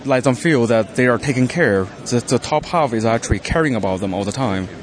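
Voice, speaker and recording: A man's voice: medium pitch, animated, fairly quick. A man answering interview questions as a regional coordinator, speaking hesitantly with fillers.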